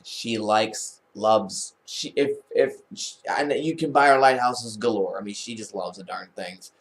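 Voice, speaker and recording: A man's voice: fairly low pitch, unhurried. A man vlogging, telling a personal family story in a casual, rambling way, with many restarts and false starts.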